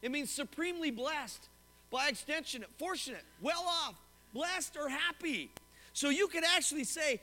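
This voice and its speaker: A man preaching a sermon as pastor to his congregation, animated and often asking them questions. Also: very high-pitched, normal speed. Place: church sanctuary. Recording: long hall reverb.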